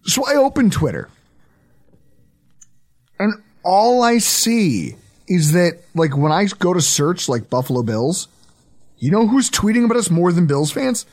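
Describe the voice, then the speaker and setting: A man, hosting a casual sports podcast and telling stories in an animated way, laughing often. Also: high-pitched, a little slow, pauses often. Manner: animated storyteller, laughs a lot. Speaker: podcast host.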